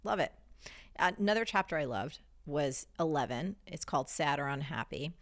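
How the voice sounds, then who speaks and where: A woman's voice: low voice, lively intonation, normal speed. A woman hosting an interview, asking questions and responding enthusiastically. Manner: warm, enthusiastic praise. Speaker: host.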